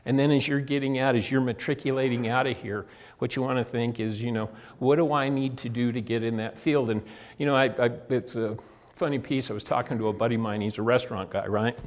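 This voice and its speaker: This older guest speaker has a mid-range voice with fairly even intonation, moving at a fairly quick clip. Addressing his audience directly in a prison meeting room, he delivers a motivational talk full of folksy stories and acted-out dialogue.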